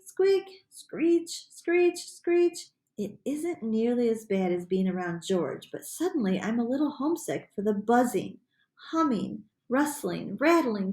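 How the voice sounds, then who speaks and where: A woman reading a children's chapter book aloud in an animated, playful storytelling voice. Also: mid-range voice. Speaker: audiobook reader. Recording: echoey room.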